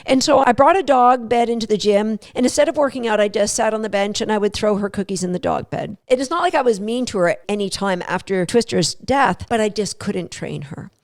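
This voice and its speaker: A middle-aged woman hosting a dog training podcast tells her listeners a personal story, earnest and emphatic, repeating words for stress. Her mid-range voice moves fairly quickly with few pauses.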